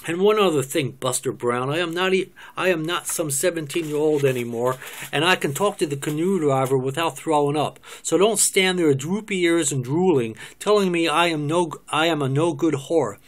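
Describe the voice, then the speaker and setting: A man's voice: on the high side, brisk, close to an everyday voice. A man voicing a brash, defensive woman who runs a call business, in a cold reading of a stage script. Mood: indignant. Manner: indignant, cursing rant.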